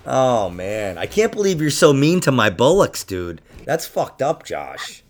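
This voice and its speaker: A man's voice: medium pitch, slow, long pauses. Comedian guy chatting on a podcast, bouncy up and down voice, laughs a lot. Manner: lively, laughing, does silly mock voices. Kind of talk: casual chat.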